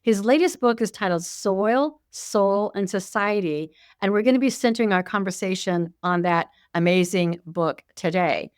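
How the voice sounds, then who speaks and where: A woman's voice: mid-range voice, normal speed, few pauses, clean tone, dry recording, clean studio sound. A woman hosting an interview, introducing her guest with enthusiasm. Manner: warm-hearted, enthusiastic. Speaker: host.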